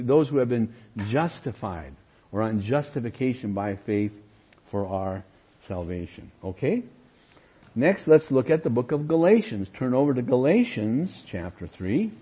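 A man's voice: mid-range voice, slightly rough. A man teaching through Bible passages, reading verses aloud with emphasis and asking rhetorical questions. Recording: muffled lo-fi recording.

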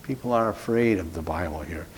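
A man's voice: low voice, brisk, a little hiss or hum. A man teaching an evangelism class, earnest and repeating key words for emphasis. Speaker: evangelism trainer.

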